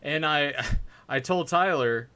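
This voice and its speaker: A man's voice: on the high side, takes it slowly, bright, forceful tone, clean tone. A young man co-hosting a casual podcast, telling stories and mimicking other people's voices as he goes. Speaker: podcast co-host.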